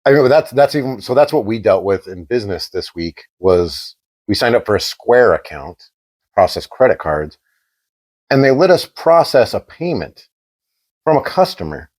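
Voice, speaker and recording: A man co-hosting a podcast, chatting casually and telling an animated story, acting out the quoted exchanges. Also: fairly low pitch, normal speed. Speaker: podcast co-host.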